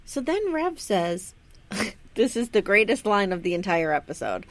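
A woman's voice: medium pitch, a little slow. A woman co-hosting a casual podcast, recapping a TV episode with laughter, swearing and acted-out quotes. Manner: animated, laughing, acts out quotes. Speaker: podcast co-host.

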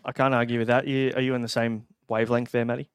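A man hosting a casual fantasy sports podcast, relaxed and passing questions to his co-hosts. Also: medium pitch, fast, smooth, no echo, studio quality. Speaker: podcast host.

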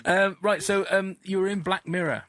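A man with a fairly high voice hosts a casual podcast interview. He asks questions enthusiastically, hedging with fillers as he goes. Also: steady tone, normal speed, a bit bright, a little hiss or hum. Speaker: podcast co-host.

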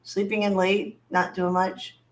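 A woman co-hosting a casual motorsport chat podcast, hoarse and raspy from a cold, talking in halting starts and restarts. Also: mid-range voice, level tone, poor audio. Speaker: podcast co-host. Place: home, Germany.

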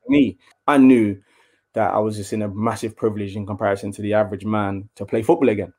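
A man's voice: on the low side, fast talker. Man telling a football story. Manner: animated storyteller, acts out quotes in a raised voice. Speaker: former footballer, guest. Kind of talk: casual storytelling interview.

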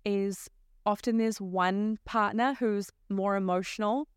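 Smooth-voiced woman breathwork teacher, reflective podcast guest, dry close sound. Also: medium pitch, steady tone, unhurried, dry recording. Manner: reflective, speaks in flowing stories. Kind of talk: casual conversation.

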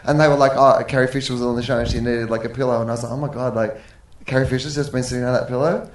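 A man's voice: mid-range voice, fairly even intonation, racing. A man, a guest telling funny stories in casual, self-mocking chat. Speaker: podcast guest. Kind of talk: casual chat, comic storytelling. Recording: echoey room with background noise.

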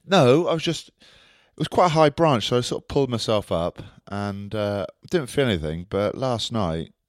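A man's voice: mid-range voice, animated, normal speed, no echo, studio quality. A man co-hosting a podcast, rambling casually with many fillers. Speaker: podcast co-host. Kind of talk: casual chat.

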